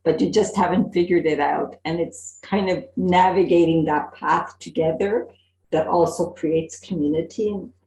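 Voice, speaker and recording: A woman's voice: on the low side, steady tone, moderate pace, dark tone. A woman hosting an online workshop, appreciative and encouraging toward participants. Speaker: workshop facilitator. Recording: echoey room on a call.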